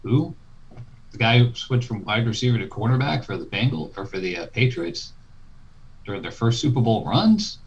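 Man, animated pitch, laid-back, hedging, casual sports chat, muffled lo-fi audio. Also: normal speed. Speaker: podcast co-host. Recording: dull lo-fi sound.

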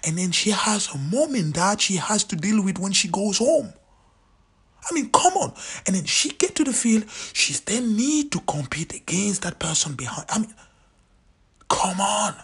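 A man in his late thirties talks through his opinions as a show host, his pitch leaping around in a lively, emphatic way. His voice is very breathy and airy, and he repeats himself for emphasis, sometimes sinking to an almost whispered aside. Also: normal speed. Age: 30s. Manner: animated, emphatic, repeats points, drops to near-whispers. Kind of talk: opinionated commentary monologue.

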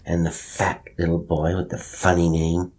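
A man's voice: sits low, monotone, moderate pace, a little mellow. A man voicing a small chubby boy who lisps and sounds timid. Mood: pleading. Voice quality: lisp.

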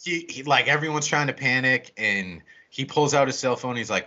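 A man's voice: medium pitch, fairly quick, hardly any pauses. A man co-hosting a podcast, recapping a movie in casual, profane chat and acting out the quotes. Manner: animated storytelling with acted-out quotes. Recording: dull lo-fi recording.

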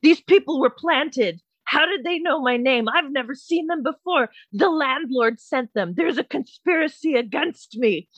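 A woman voicing a ranting, belligerent male neighbor who shouts and swears. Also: high-pitched, lively intonation, unhurried, hardly any pauses, no room sound, dull audio, voice pushed up. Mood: paranoid ranting.

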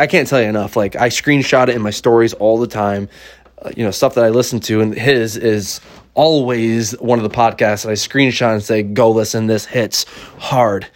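A man with a mid-range voice talks casually to the camera as a parent, blunt and opinionated. He curses freely and stumbles through restarts and fillers. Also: medium pitch. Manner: blunt, swears freely, fillers and restarts, reads dialogue aloud with excitement. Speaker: parent reviewing a children's book. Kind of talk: casual opinionated vlog talk.

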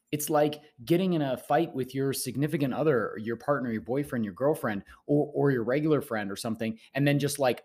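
A man's voice: on the high side, slightly rough. Male teacher-host, casual rambling monologue of advice, repeats himself. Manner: rambling, repeats words, animated lectures.

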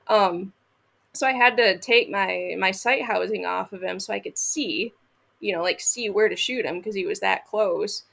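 A woman from Michigan tells a story as a podcast guest, casual and blunt, with frequent swearing. Her voice has a gravelly fry, and she acts out the lines people said. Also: medium pitch, a little slow, a bit bright.

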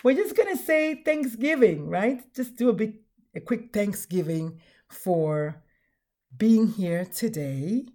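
Woman host, casual live chat, enthusiastic, warm mellow voice. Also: fairly low pitch, expressive, measured pace. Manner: bubbly, repetitive, enthusiastic. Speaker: podcast host.

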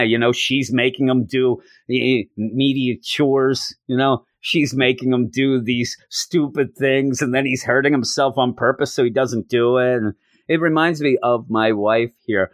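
A middle-aged man hosting a comic review podcast, talking with gleeful energy and bursting into voices. His pitch is mid-range, and the recording is close and dry with no room sound. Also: a little slow, no room sound. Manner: animated, gleeful, acts out the dialogue. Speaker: podcast host.

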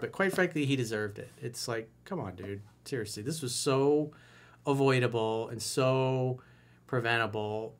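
A man's voice: medium pitch, fairly bright tone. A man as a dating coach giving blunt, profane advice in a podcast monologue, roasting the listener.

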